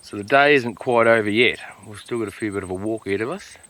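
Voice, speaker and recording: A man talking to camera during a mountain hunt, relaxed and chatty, with plenty of ums and uhs, recorded outdoors on a steep slope. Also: on the low side, fast, no echo, rough recording. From Australia. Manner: relaxed, chatty, lots of filler words. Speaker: hunter filming a hunt. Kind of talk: casual on-camera hunting vlog.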